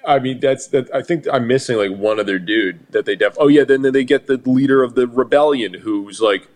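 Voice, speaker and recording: A man's voice: medium pitch, fairly quick, a little mellow. A man co-hosting a podcast, chatting casually about a movie in a rambling, jokey way with many fillers. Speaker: podcast co-host. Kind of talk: casual movie review chat.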